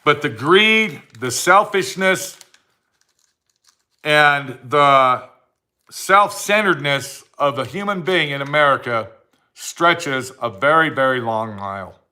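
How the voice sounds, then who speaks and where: A man with a high, bright voice holds forth in a slow, drawn-out rant. His talk is blunt and heated, and he circles back to the same points again and again. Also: animated. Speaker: vlogger. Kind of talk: ranting monologue to camera.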